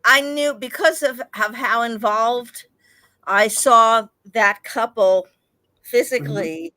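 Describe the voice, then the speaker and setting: Woman, theatre director; unhurried and reflective, bright voice. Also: fairly high pitch, no echo. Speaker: stage director. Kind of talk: casual interview chat.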